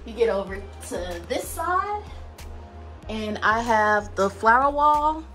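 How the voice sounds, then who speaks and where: A woman's voice: on the high side, sing-song, takes it slowly, a bit bright, soft background music. Chatty woman touring her spa room. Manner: chatty, filler-heavy listing with many "like" and "um". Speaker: spa owner giving a room tour. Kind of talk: casual walkthrough vlog. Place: indoor spa treatment room.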